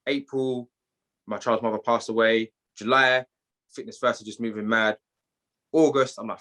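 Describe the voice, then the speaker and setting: A British man with a London accent tells a personal story as a podcast guest, animated and full of street slang. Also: medium pitch, moderate pace, pauses often. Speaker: guest, gym owner.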